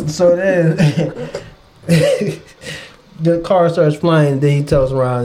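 A man co-hosting a podcast, casually and profanely recapping a movie and putting on quick voices for the characters. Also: on the high side, heavy background noise. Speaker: podcast co-host. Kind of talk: casual chat.

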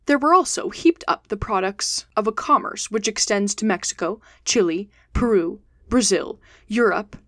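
A woman narrates a classic novel aloud in a steady, clear audiobook manner. Her voice sits at a middle pitch, and the recording is close and dry with no room echo. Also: normal speed, few pauses. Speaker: podcast host reading aloud.

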